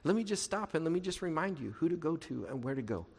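A man's voice: fairly high pitch, big pitch swings, quick pace, vocal fry, husky. A man preaching a sermon in an earnest, conversational way, asking his listeners rhetorical questions and adding playful asides. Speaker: pastor. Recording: reverberant hall.

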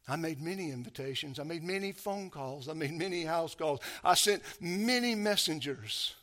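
A man preaching a sermon, emphatic, swinging from hushed to loud and urgent, calling his listeners beloved. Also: fairly high pitch, expressive, normal speed, few pauses.

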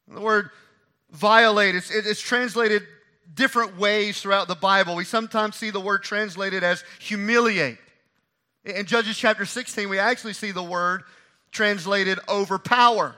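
Guy preaching, high voice, punchy and repeats himself, goes quiet then loud. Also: normal speed. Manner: emphatic, repeats phrases for stress; swings between hushed and loud. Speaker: pastor. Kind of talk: sermon.

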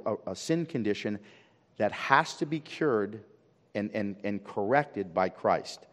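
A male pastor preaching a sermon, emphatic, with frequent repeated words and stretches that drop to a soft, intimate tone. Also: medium pitch. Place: church sanctuary. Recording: long hall reverb.

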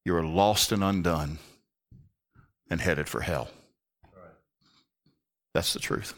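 A man preaching a sermon earnestly, dropping to a hushed voice for emphasis. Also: deep voice, slow. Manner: earnest, drops to a hushed near-whisper for emphasis.

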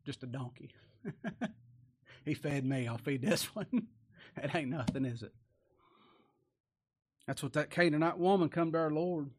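A man's voice: on the high side, lively intonation, a little slow, long pauses, a little mellow. A man preaching a folksy sermon, often asking rhetorical tag questions and chuckling.

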